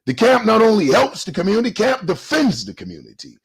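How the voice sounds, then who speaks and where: A heated man in his forties rants on camera in a profane street-preacher cadence. His voice sits high and swings widely, with a gravelly, husky grain. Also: very animated, fairly quick. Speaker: YouTube commentator. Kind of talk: ranting response video.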